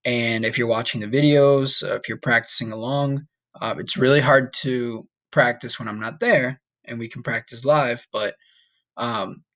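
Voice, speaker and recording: A man teaching a recorded online Spanish lesson, patient and encouraging, saying numbers slowly for students to repeat. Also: mid-range voice, fairly even intonation, fairly bright tone. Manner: patient, repeats okay and all right often.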